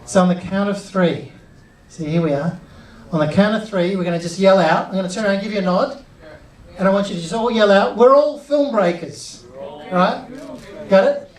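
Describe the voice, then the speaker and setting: A middle-aged man giving an energetic live workshop, chatty and drawing the audience in. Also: high voice, fast. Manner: upbeat, chatty, involves the crowd. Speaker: workshop presenter. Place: cinema auditorium with audience. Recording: roomy auditorium sound from a distance.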